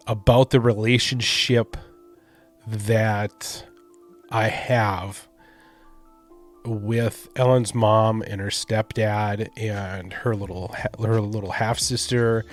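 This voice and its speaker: A middle-aged man hosting a podcast, telling a casual, rambling personal story and swearing now and then, with faint music behind him. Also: on the low side. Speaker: podcast host.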